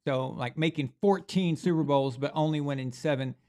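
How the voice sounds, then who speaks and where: Animated man hosting a sports stream. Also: fairly high pitch, moderate pace. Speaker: sports show host. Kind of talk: casual live-stream sports chat.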